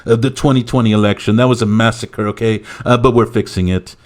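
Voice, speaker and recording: A man doing a comic impression of a boastful, rambling male president, who talks loudly and piles on superlatives. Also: fairly low pitch, fairly even intonation, quick pace, pitched above the performer's own voice, lightly acted. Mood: blustering. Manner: loud bragging, repetitive superlatives. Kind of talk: comic impression in a podcast skit.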